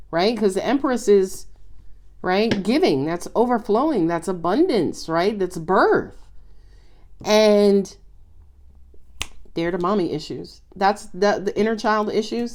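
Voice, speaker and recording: A woman giving a casual, expressive tarot reading, chatting freely and exclaiming often. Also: medium pitch, slow pace. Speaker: tarot reader.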